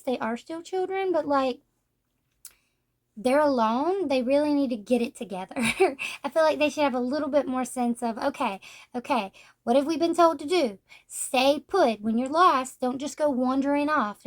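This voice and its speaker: A woman chatting casually as she reviews a comic book, blunt and sarcastic, acting out characters' lines. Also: high-pitched. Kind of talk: casual manga review chat.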